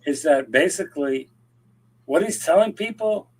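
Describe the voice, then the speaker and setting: A man from Rico, a podcast co-host telling an animated story in casual chat, acting out the people he quotes and often restarting his sentences. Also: on the high side, normal speed, husky.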